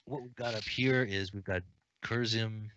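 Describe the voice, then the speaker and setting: A man running a tabletop game as game master, relaxed and chatty, thinking aloud with fillers. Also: fairly low pitch, unhurried, noisy background. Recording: dull, dry lo-fi sound.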